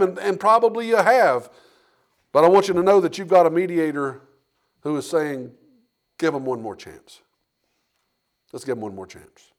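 A pastor with a voice on the high side preaches to a congregation in a church sanctuary. As he builds his points, he repeats words, asks rhetorical questions, and performs the story's dialogue.

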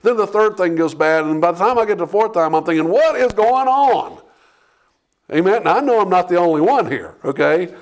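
A male pastor with a notably high voice delivers a sermon in a plain, conversational way. He leans on "okay?" and "Amen?" to keep the congregation with him. His delivery climbs in pitch and force as he urges them on. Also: fast, few pauses.

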